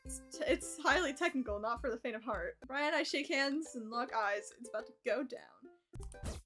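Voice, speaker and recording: A young woman streaming a dating game, reading the dialogue aloud, animated, laughing often and swearing at misses. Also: sits high, moderate pace, soft background music.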